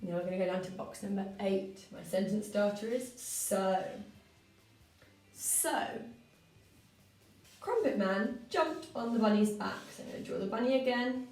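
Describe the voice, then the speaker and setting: A woman, a primary school teacher, giving a story-writing lesson for children in a clear, patient way, with lively expressive reading. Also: mid-range voice, a little slow, pauses often. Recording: roomy, from a distance.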